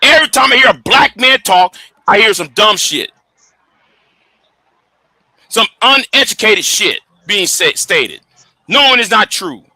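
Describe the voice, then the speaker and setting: Live stream host, male, high sharp voice, stammers, swears, combative. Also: sing-song, unhurried, pauses often, husky, no room sound. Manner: stammering, repeats words when interrupted; blunt and combative, swears freely. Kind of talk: heated live stream argument.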